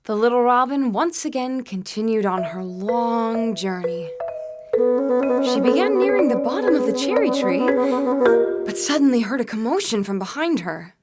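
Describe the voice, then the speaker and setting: A woman narrating a children's story as part of a concert piece, reading slowly and deliberately. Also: big pitch swings. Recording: voice over loud bassoon and percussion music.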